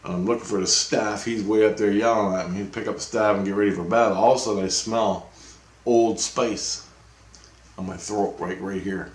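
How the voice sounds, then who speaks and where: Low-voiced man telling a rambling story. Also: steady tone, normal speed. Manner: acts out quoted dialogue with a raised voice; loose, meandering, with frequent restarts. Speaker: vlogger recounting dreams. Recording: roomy, echoey room.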